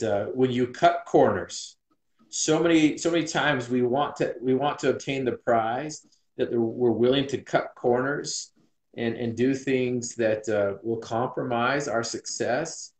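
A man's voice: mid-range voice, a little slow. Earnest man telling his story, roomy echo. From Utah, USA. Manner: earnest and reflective, many restarts. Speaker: interview guest. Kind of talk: personal storytelling in an interview.

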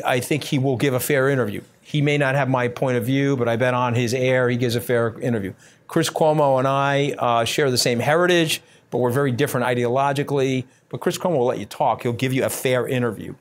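A brash man gives blunt, combative answers in an interview. His voice sits at an everyday middle pitch and he talks in uneven bursts, full of fillers and restarts. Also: steady tone, fairly quick, a little hiss or hum. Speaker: interview guest.

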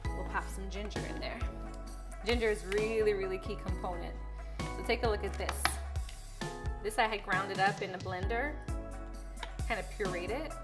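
With a mid-range voice, a moderate pace and long pauses, a young woman walks her partner through a recipe at home. Her cooking instruction is casual, upbeat and teasing, and music plays underneath.

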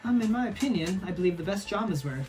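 A young man hosting a game playthrough, chatting casually with self-mocking, excitable asides. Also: sits high, quick pace, faint music behind. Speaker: let's play host.

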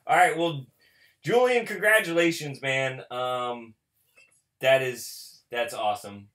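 A man hosting a card pack opening, talking casually and mocking himself, who breaks into excited shouting. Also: medium pitch, slow. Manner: chatty and self-mocking, bursts into excited shouting. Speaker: host opening card packs for viewers.

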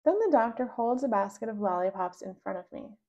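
A woman reading a children's book aloud, narrating slowly and expressively in the first person. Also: mid-range voice, lively intonation, mellow, muffled recording. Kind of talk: read-aloud storybook narration.

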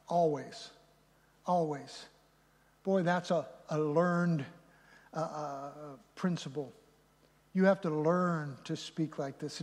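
High-voiced preacher in a reverberant hall. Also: male voice. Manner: swings from loud and emphatic to quiet and low, with restarts. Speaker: pastor. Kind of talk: live sermon. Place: church sanctuary.

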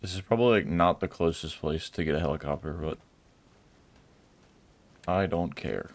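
A man's voice: deep voice, normal speed. A man giving casual let's-play commentary on his gameplay, chuckling often and blurting surprised exclamations.

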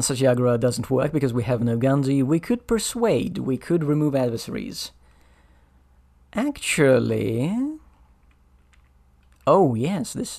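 A man with a mid-range, gravelly, mellow voice plays a strategy board game by himself. He thinks aloud and mutters over the rules while deciding his moves, giving solo playthrough commentary.

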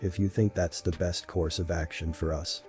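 A man voicing a grieving, hot-tempered middle-aged father in a horror story, read in a deep, flat voice. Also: normal speed, soft background music, lightly acted.

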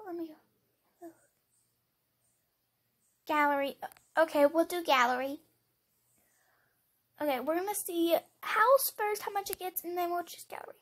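A woman commentating her game, excitable and rambling, jumping from loud squeals to hushed whispers. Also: very high voice, measured pace, pauses often. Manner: rambling with many fillers. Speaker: gamer.

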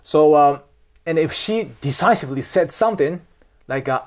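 A man's voice: on the high side, expressive, a little fast. A man from Japan with a Japanese accent, explaining culture in casual talk, emphatic, often checking "okay?" and acting out examples. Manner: emphatic, repeats "okay?" and "seriously", acts out examples. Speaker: cultural commentator.

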